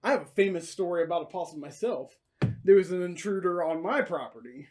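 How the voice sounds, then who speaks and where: A man's voice: high voice, lively intonation, a little fast, a little mellow, slight background noise. A man co-hosting a casual podcast chat, laid-back and teasing, laughing along with his co-host.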